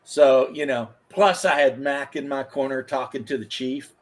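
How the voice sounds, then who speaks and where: A man's voice: medium pitch, normal speed. A man in his thirties, a former firefighter, telling rambling, profane stories in casual chat. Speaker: podcast host, former firefighter.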